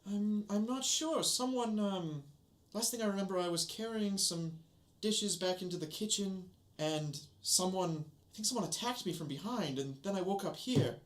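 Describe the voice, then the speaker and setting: A man's voice: high voice, normal speed, voice pushed up, natural voice. A man voicing a flustered young woman servant who stammers and restarts. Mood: shaken.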